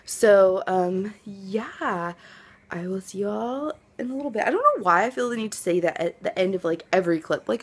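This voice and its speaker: A woman's voice: on the low side, animated, brisk. A young woman chatting casually to her phone camera at home, rambling with lots of fillers. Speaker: vlogger. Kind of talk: casual vlog chat.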